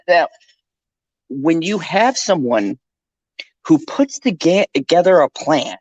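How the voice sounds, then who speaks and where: A man's voice: on the high side, dry recording, highs cut off. A man co-hosting a live pop culture stream, talking casually and ranting with lots of swearing. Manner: animated, profane, ranting.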